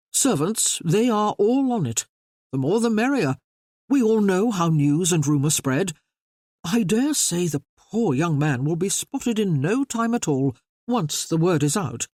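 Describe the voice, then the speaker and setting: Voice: mid-range voice, darkish tone, no echo, clean studio sound. A reader voicing a cheerful, eager young viscount.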